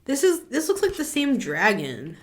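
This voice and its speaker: A woman with a slightly high voice whose pitch swoops wildly gives a casual spoken tarot reading as a channeler, at a moderate pace. She's chatty and blunt, using lots of filler words and some swearing.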